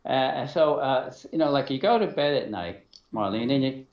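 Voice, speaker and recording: A middle-aged man telling a personal story as an interview guest, halting and full of fillers and restarts, acting out dialogue. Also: medium pitch, lively intonation. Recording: dull, roomy sound.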